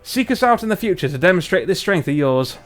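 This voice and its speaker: Man putting on a proud dwarf lord, loud and stern. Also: high-pitched, sing-song, fast talker, slight background noise, pitched above the performer's own voice. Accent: put-on northern British. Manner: formal, stern and boastful. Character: proud gruff male dwarf leader from the frozen north.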